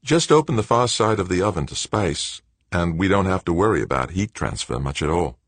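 A man's voice: deep voice, animated, brisk, no room sound, pitched above the performer's own voice. A man voicing a serious young male factory director with a slight Australian accent, explaining things in an earnest, matter-of-fact way. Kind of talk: audiobook character voice.

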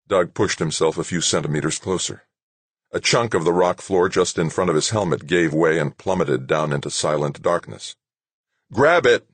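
A man reading an audiobook as narrator in a steady, measured way. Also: rumbling low, husky, no room sound. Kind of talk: scripted narration.

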